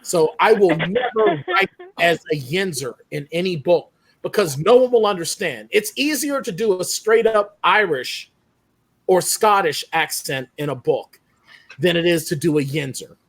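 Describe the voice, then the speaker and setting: A man from Pittsburgh talks on a video-call panel with a lively, swooping pitch that sits a touch high for a man. He tells stories animatedly and laughs often. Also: measured pace, creaky. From Pittsburgh, Western Pennsylvania. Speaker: author on a panel. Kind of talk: casual panel chat.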